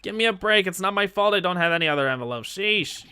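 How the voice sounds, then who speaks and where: Man voicing a goofy lovesick young guy, whiny, flustered, lively high voice. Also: fast, clear, resonant tone, no echo, heavily acted. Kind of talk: game dialogue read-along.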